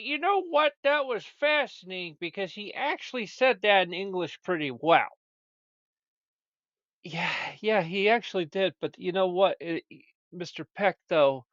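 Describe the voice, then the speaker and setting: A man's voice: high voice, fairly bright tone, no room sound. A man hosting a comedic show, rambling and stammering as he chats. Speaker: show host. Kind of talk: comedic podcast chat. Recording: dull, lo-fi dry recording.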